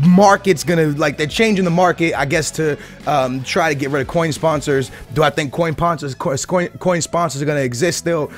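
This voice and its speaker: A man hosting a gaming vlog from his home, telling a story in an excited, slangy, profane way. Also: on the high side. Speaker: gaming YouTuber host. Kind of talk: excited casual vlog chat.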